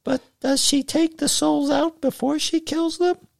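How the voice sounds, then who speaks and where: A man voicing a timid little boy with a squeaky voice. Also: steady tone, measured pace, creaky, dry recording, clean studio sound, exaggerated voice. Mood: frightened.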